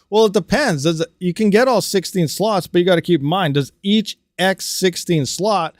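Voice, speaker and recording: Man, somewhat high voice, livestream host, casual rant, answers chat, dry close sound. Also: no room sound. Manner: animated, ranting, talks fast then trails off quietly. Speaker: crypto mining livestream host. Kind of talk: casual livestream chat reading viewer comments.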